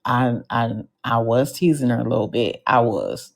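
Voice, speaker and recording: A woman hosting a live podcast show, telling stories in an animated, slangy way with comic asides to the audience. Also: rumbling low, normal speed, vocal fry. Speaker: podcast host.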